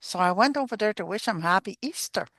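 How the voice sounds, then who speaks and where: Gentle older woman telling stories. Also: medium pitch, animated, no echo. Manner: gentle, unhurried, repeats phrases. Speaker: elder and storyteller. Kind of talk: spoken teaching and storytelling.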